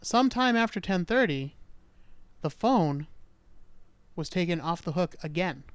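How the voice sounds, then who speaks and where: Male podcast host, clean resonant voice on the higher side, dry close sound; relaxed, self-deprecating storyteller. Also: measured pace, smooth, dry recording. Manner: chatty, self-mocking. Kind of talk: casual storytelling of a true-crime case.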